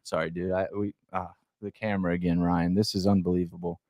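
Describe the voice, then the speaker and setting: Co-host: laid-back man, lowish voice, dry studio sound, ribbing his guests. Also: flat delivery, a little fast, dry recording, muffled recording. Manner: teasing, easygoing. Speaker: podcast co-host. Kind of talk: joking studio banter.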